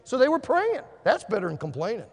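A man preaching a sermon, telling a story and swinging between hushed and shouted delivery. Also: high voice, huge pitch swings, a little fast, slightly rough. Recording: long hall reverb.

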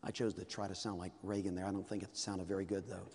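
A man's voice: low voice, level tone, fast talker, darkish tone. Folksy preacher man in an echoing hall. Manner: folksy, humorous, conversational. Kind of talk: sermon. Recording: long reverb of a large hall.

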